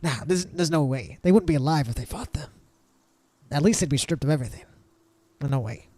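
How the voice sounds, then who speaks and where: A man doing a chatty high-voiced town guard. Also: expressive, fairly quick, mellow, no echo. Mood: gossipy.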